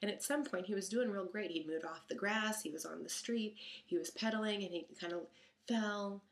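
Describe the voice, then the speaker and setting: A mother telling a story about her son in a chatty, animated way, acting out the lines of the people in it. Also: mid-range voice, moderate pace, gravelly. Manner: chatty, animated retelling with quoted dialogue. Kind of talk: casual storytelling monologue.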